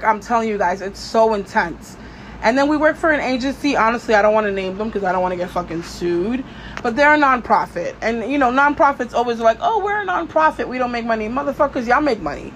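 A woman's voice: a little high, slight background noise. A woman hosting her own podcast, venting in a casual, blunt and profane way, with lots of "you know" fillers. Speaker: podcast host.

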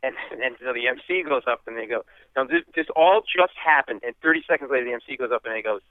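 A man telling a comic story in an interview, animated and acting out the people in it. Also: mid-range voice, quick pace, no echo. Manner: animated, acts out voices. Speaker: guest comedian. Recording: tinny phone-like line.

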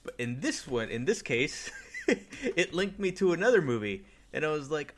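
A man on a casual movie podcast, laughing as he talks and jumping up in pitch to quote lines. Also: sing-song, normal speed. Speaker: podcast co-host.

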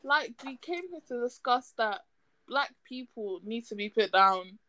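Teasing young woman, higher voice. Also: animated, measured pace, fairly bright tone, dry recording, poor audio. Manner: teasing, provocative jokes. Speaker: podcast co-host. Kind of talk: casual chat.

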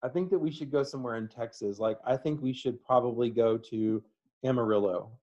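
A man's voice: medium pitch, brisk, dark tone, highs cut off. A man co-hosting a podcast, chatting casually and playfully, joking around. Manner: playful, jokey, slips into goofy impressions. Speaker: podcast co-host. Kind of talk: casual comedic chat.

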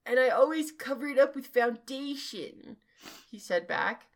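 A woman's voice: high voice, lively intonation, measured pace. A young woman co-hosting a podcast, reading a fanfic aloud in mock-dramatic voices and laughing often. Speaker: podcast co-host.

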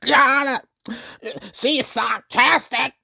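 A woman mimicking a petty woman rambling complaints to a judge in a whiny, higher voice. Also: fairly even intonation, slow, creaky, pushed and bright, no room sound, clean studio sound, full character voice. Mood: complaining.

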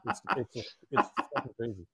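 A man's voice: mid-range voice, normal speed, fairly bright tone, slightly rough, no echo, studio quality. A man co-hosting a casual toy livestream, running giveaway spins, laughing often and swearing casually.

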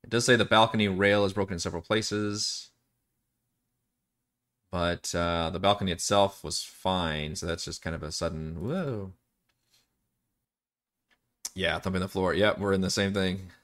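A man's voice: deep voice, unhurried, long pauses, a bit bright. A man acting as dungeon master, chatting casually and rambling during live-streamed game prep, often laughing and swearing.

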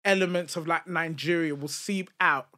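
A man chats as a podcast co-host, his voice sitting high and sounding bright and forceful. He tells his stories animatedly, often starting a sentence over before pushing through. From United Kingdom. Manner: animated, storytelling with quick restarts. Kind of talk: casual chat.

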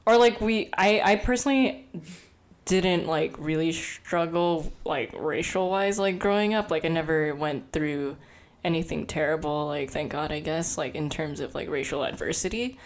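A woman's voice: low-pitched, moderate pace. A young woman co-hosting a casual podcast chat, talking freely with lots of fillers and frequent laughter. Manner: chatty, many fillers, laughs often. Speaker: podcast co-host.

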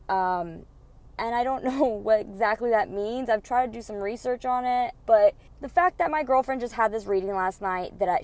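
A young woman hosting a podcast, telling a story in a casual, excitable way, full of fillers and swearing. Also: medium pitch. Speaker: podcast host.

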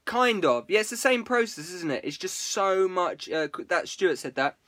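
A man's voice: sits high, lively intonation, normal speed, fairly bright tone, dry recording. A man hosting a live stream, rambling casually to viewers, swearing freely and breaking off his own sentences. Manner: rambling, sweary, self-interrupting.

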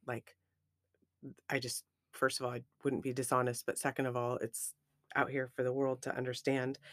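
A woman co-hosting a podcast, talking in a casual, emotional and expressive way about a friendship. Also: very deep voice, dry recording, studio quality. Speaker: podcast co-host. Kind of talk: casual chat.

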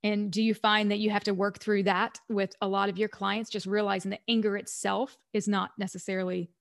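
A woman's voice: medium pitch, flat delivery, a little fast, vocal fry. A woman hosting a podcast interview, affirming her guest and asking reflective questions. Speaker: podcast host.

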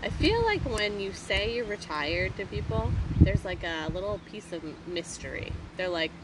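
A woman's voice: mid-range voice, sing-song, moderate pace. A woman in her thirties chatting with her husband, teasing and rambling with lots of fillers. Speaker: vlogger, wife. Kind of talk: casual outdoor chat. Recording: noisy outdoor recording, traffic nearby.

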